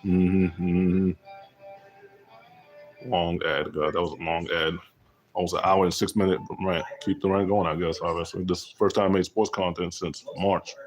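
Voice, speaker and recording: A man's voice: deep voice, level tone, fairly quick, faint music behind. A man giving hyped, trash-talking play-by-play of his own basketball video game. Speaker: gamer streamer.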